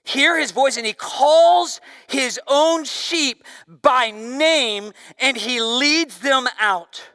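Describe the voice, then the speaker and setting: Pastor guy preaching, loud voice, bright and forceful, drops to whispers sometimes, big hall reverb. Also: very high voice, drawn-out words, clear, resonant tone, clean studio sound. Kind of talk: sermon.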